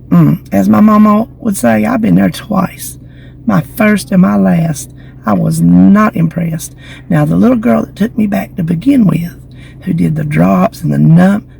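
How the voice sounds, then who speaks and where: A slightly hoarse woman, chatting to her phone camera outdoors in the shade and telling gossipy stories. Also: fairly low pitch, dark tone, a little hiss or hum, poor audio. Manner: chatty, gossipy storytelling with giggles. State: slightly hoarse from lingering illness. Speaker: vlogger. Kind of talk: casual chat to camera. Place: outdoors in the shade beside a building.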